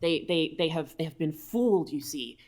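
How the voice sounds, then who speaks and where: A woman voicing a small, timid and eager male kobold who stammers in a high squeaky voice. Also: lively intonation, normal speed, a little mellow.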